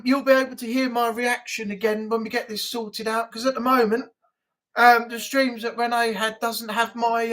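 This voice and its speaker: Chatty Mancunian woman, higher voice. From Manchester, England. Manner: chatty, joking, swears casually. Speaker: live stream host. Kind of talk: live stream chat.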